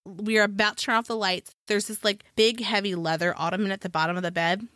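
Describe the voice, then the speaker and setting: A woman co-hosting a podcast, telling a long story in a rambling, animated way, full of fillers and laughs. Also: mid-range voice, fast, no room sound, studio quality. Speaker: podcast co-host. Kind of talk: casual chat.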